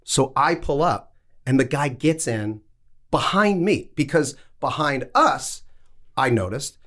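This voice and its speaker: A man's voice: medium pitch, takes it slowly. A man telling a story in casual podcast chat, swearing freely and acting out the dialogue. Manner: animated, profane, acts out dialogue. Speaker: podcast co-host.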